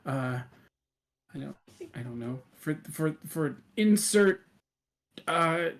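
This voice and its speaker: Bitter old cat lady, grumbling and self-pitying, pitched up, put on by a male game master. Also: vocal fry, exaggerated voice.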